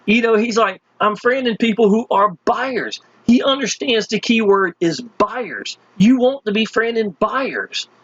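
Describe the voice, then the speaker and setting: A man giving a casual, enthusiastic sales pitch as he walks through web pages, speaking folksy and chatty. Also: expressive, unhurried, few pauses, fairly bright tone, husky, no room sound, lo-fi sound. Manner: folksy and enthusiastic, constantly addressing listeners as "y'all". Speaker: online marketing promoter.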